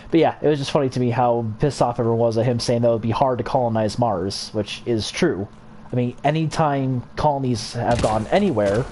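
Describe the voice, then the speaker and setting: Mellow rambling male game streamer. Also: medium pitch, a little hiss or hum. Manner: rambling, self-interrupting. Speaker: gaming streamer. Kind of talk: casual let's-play commentary.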